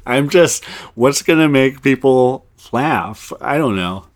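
A man co-hosting a comedy podcast, pitching a movie idea and acting out quoted lines with animated storytelling. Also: slow pace. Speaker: podcast co-host. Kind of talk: comedic casual chat.

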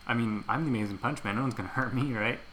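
A man's voice: mid-range voice, racing, fairly bright tone, slight background noise, close to an everyday voice. A man playing an eager, clumsy superhero older brother, rambling and hesitant with plenty of fillers in an improvised comedy audio play.

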